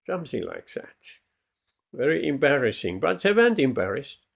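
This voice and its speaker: A man, a spiritual teacher, telling a devotional story in a lecture, with many pauses and fillers. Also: medium pitch, sing-song, creaky, slightly rough.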